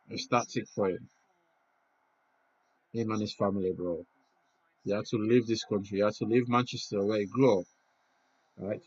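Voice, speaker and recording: A man hosting a football watch-along, reacting live and excitably, swinging between loud cheers and hushed awe. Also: fairly low pitch, slight background noise. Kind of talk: emotional live match reaction. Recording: muffled lo-fi home recording.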